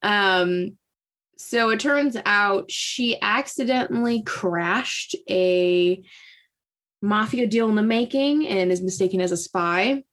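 A woman's voice: medium pitch, takes it slowly, a bit bright. A woman recapping a book in casual chat. She talks in a loose, sarcastic way, full of fillers and asides. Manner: chatty, sarcastic, lots of "like" and "um". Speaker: podcast host.

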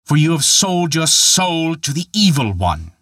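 A man's voice: fairly high pitch, very animated, measured pace, fairly bright tone, no echo, studio quality, pitched above the performer's own voice, exaggerated voice. A man voicing an ancient, stern little forest spirit made of glass. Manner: stern, thundering.

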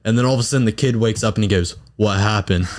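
A man's voice: fairly low pitch, fairly quick, a little mellow. A young man, a recent graduate, telling a story with lots of filler words and laughter. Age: young adult. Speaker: podcast guest. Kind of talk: casual chat.

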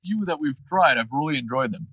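A man co-hosting a podcast in casual chat, halting and restarting his sentences, laughing easily. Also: on the high side, lively intonation, husky, no room sound, muffled recording. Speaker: podcast co-host.

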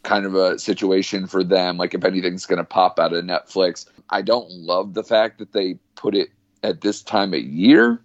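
A man's voice: deep voice, normal speed, no room sound, dull audio. A man chatting casually as a podcast guest, rambling and full of fillers.

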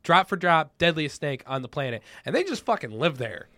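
A man co-hosting a podcast in casual chat, animated and swearing often. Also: on the high side, fairly quick, no echo, studio quality. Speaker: podcast co-host.

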